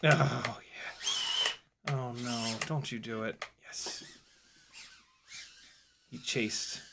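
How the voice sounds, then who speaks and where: A man vlogging as he flies a small drone, talking to himself in casual commentary with quick exclamations and the odd swear word. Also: medium pitch, vocal fry, heavy background noise. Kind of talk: casual commentary while flying.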